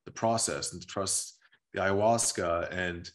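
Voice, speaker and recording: A man's voice: low-pitched, fairly even intonation, unhurried. A man who guided a retreat, talking casually and reflectively, with many fillers. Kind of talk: casual conversation.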